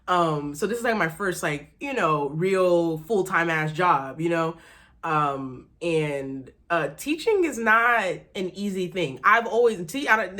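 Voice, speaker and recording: A woman's voice: medium pitch, fairly bright tone. A young woman from Texas chatting casually to camera in her small apartment, candid and full of fillers and swearing as she talks about starting work as a teacher. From Texas, USA. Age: young adult. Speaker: vlogger, new teacher.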